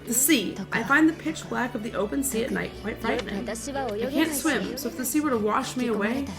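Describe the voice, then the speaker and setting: A woman's voice: on the high side, over music, close to an everyday voice. Woman doing a stern young princess. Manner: firm, measured, commanding. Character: stern, composed young female royal leader.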